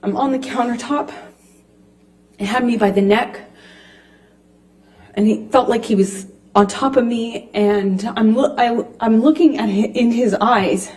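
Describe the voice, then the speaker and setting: Slow, shaken woman giving testimony. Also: on the high side, a little mellow. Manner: halting, shaken, many restarts. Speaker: trial witness. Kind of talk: courtroom testimony. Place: courtroom witness stand.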